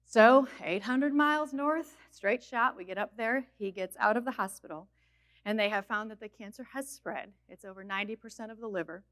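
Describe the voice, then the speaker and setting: A woman in her forties from Minnesota giving a personal testimony at a college chapel, telling her story in a lively, conversational way. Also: mid-range voice, moderate pace. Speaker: chapel speaker.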